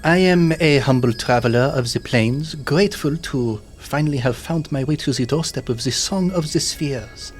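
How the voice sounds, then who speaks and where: A man's voice: medium pitch, moderate pace, hardly any pauses, soft background music, natural voice. A man voicing a humble male traveler of the plains who speaks earnestly and reverently.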